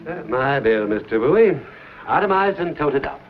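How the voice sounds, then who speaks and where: An actor playing a vain, theatrical stage tragedian who speaks grandly, in a 1950s TV western drama. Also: male voice, mid-range voice, big pitch swings, moderate pace, close to an everyday voice. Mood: pompous. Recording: dull old TV soundtrack with faint hiss.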